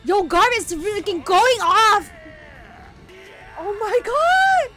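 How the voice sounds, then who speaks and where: Very high-pitched excitable woman. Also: slow, music in the background. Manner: excitable, exclaiming and laughing. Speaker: anime reaction host. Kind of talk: live reaction commentary.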